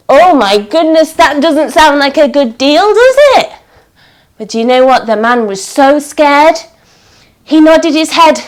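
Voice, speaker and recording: Woman kids' yoga teacher, high and unhurried, animated storyteller. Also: poor audio. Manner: animated, coaxing instructions with gasps and exclamations. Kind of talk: storytelling yoga class for children.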